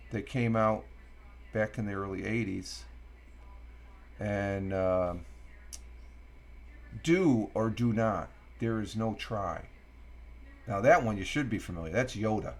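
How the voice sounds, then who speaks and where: A man's voice: on the low side, creaky. Rambling man hosting a morning stream. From Upstate New York. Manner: rambling, many fillers, reads quotes slowly. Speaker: live stream host. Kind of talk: casual morning live-stream chat.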